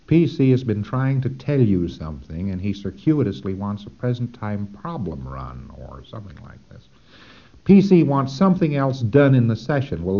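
A man giving a technical lecture, explaining step by step with dry humor and acting out short examples, on a dull lo-fi tape recording. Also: fairly low pitch.

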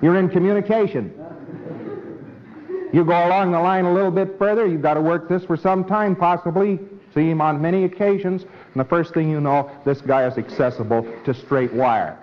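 A man's voice: fairly high pitch, moderate pace. A man lecturing in a conversational way, acting out both sides of short dialogues. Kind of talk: recorded lecture with acted dialogue. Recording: dull old lecture recording with faint hiss.

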